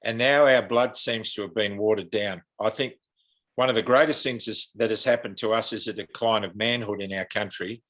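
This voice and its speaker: A man's voice: on the low side, steady tone, moderate pace, a bit bright. Australian man, podcast guest, earnest and impassioned, speaking like a preacher.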